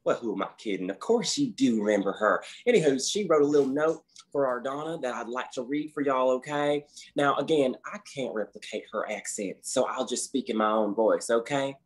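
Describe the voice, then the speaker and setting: A man's voice: mid-range voice, lively intonation, a little fast, lightly acted. A man playing a folksy, fussy office manager on a conference call who keeps tacking "okay?" onto his sentences. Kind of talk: scripted comedy sketch on a conference call.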